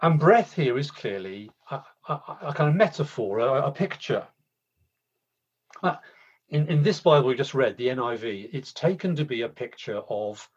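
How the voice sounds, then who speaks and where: Conversational male preacher, slightly husky voice, muffled lo-fi recording. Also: mid-range voice. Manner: conversational, halting with repeated restarts. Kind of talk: sermon. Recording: slightly dull lo-fi sound.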